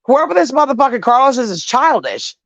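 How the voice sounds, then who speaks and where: Profane, animated middle-aged woman caller. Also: sits high, fairly quick, no room sound, muffled recording. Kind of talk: casual chat.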